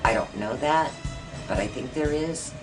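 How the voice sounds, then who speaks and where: A woman's voice: low-pitched, normal speed. A middle-aged woman being interviewed, earnestly telling a personal ghost story with many fillers. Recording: voice a bit far from mic, faint music.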